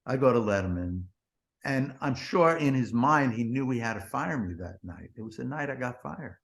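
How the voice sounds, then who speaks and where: Gravelly man telling a rambling story. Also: medium pitch, lively intonation, normal speed. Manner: rambling, profane, repeats "he goes" and "blah, blah". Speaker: podcast guest, former TV producer. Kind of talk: anecdotal storytelling.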